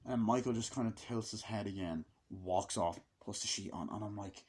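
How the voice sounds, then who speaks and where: A man's voice: lowish voice, a little mellow, husky. A man giving a casual, blunt and profane film review, griping about a movie and acting out its scenes. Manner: profane, blunt, acts out scenes in quick put-on voices.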